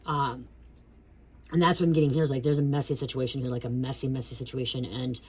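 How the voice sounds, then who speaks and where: A woman's voice: a bass voice, little pitch movement, quick pace, a little mellow, slight background noise. A woman in her thirties giving a casual spiritual reading, blunt and profane, who keeps checking in with "okay?". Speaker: tarot reader.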